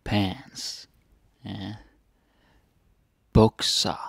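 A man with a Danish accent runs an easygoing vocabulary lesson, repeating each word slowly and checking in with a little "eh?". His voice sits a bit low with a gravelly edge. It is recorded close up in a dry, deadened room. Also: no room sound. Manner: relaxed, repeats words slowly, tags sentences with "eh?". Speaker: Danish language teacher.

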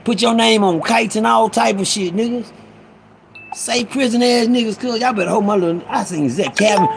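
Excitable high-voiced St. man streaming. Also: moderate pace, vocal fry, slight background noise. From Ferguson, Missouri. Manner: loud, excitable, profane street talk. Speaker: live stream host. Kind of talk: casual live stream chat. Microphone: phone.

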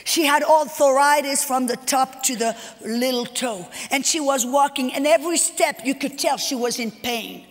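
High-voiced woman preaching in a reverberant hall. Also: normal speed, few pauses. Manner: animated, acts out dialogue, repeats phrases. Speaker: guest speaker. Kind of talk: preaching sermon with personal stories.

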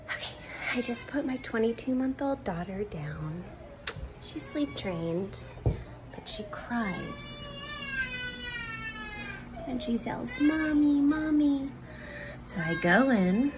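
A mother filming her toddler's bedtime at home, speaking softly and soothingly and sometimes whispering. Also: fairly high pitch, animated, noisy background. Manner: soft and soothing, slow, whispers at times. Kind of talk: home video diary. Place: home, near a child's bedroom.

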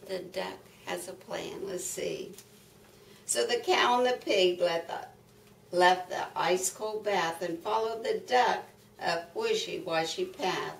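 A woman's voice: on the low side, slow pace, vocal fry, a little hiss or hum. An older woman reading a picture book aloud to young children, sing-song and full of exclamations. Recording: echoey room, mic far off.

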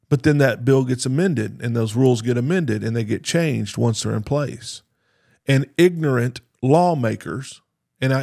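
A man's voice: mid-range voice, a little mellow, no room sound, studio quality. A man hosting a podcast, talking in a blunt, earnest monologue and repeating words when he stresses a point. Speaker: podcast host.

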